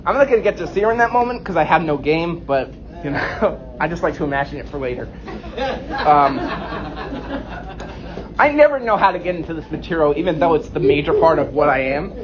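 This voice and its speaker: A man in his late twenties doing a self-deprecating stand-up set with deadpan punchlines on a comedy club stage. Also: a little high, a little fast, a crowd in the background. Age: 20s. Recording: dull lo-fi recording.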